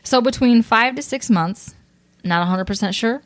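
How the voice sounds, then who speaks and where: A woman's voice: fairly high pitch, moderate pace, no room sound. A young woman co-hosting a casual true-crime podcast, reading from her notes and laughing often, a little tipsy on whiskey. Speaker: podcast co-host presenting the case.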